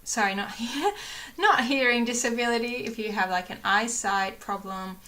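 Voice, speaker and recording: A woman's voice: a little high, moderate pace, pushed and bright. A young woman chatting casually to her viewers, rambling with many fillers and restarts and laughing often. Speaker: vlogger. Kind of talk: casual chat to camera.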